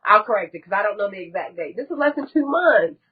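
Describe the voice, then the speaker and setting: A woman's voice: mid-range voice, very animated, quick pace, phone-quality sound, background noise. A woman as a guest on a live stream, telling a painful personal story in a candid, blunt way and swearing often.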